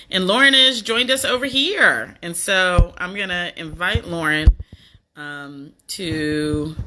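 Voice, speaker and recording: A woman hosting a casual live stream who talks warmly, laughs often and uses many fillers. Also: lowish voice. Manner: warm, laughing, chatty with fillers. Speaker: host of an online live show. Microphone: phone on a live video stream.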